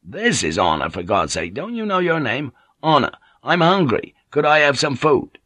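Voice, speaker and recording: A man's voice: fairly high pitch, big pitch swings, normal speed, dry recording, voice pushed up. A man voicing a weary, irritable ship's pilot who calls out impatiently. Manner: impatient, calling out loudly.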